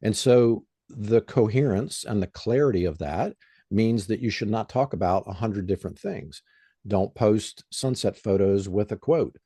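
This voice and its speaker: A man's voice: on the low side, measured pace, mellow, husky, no room sound, studio quality. A man who is a guest on an interview show, explaining in a plain, conversational way with frequent "um" and "you know.". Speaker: guest expert.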